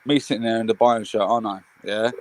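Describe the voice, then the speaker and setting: A man's voice: lowish voice, steady tone, quick pace, heavy background noise. A young man, chatting casually about football on a live watchalong, swearing freely and raising his voice when he retells his outbursts. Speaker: watchalong co-host.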